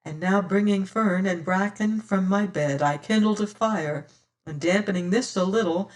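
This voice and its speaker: A woman reading an old adventure novel aloud in measured storytelling narration. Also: medium pitch, distant mic. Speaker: audiobook reader. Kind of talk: scripted narration.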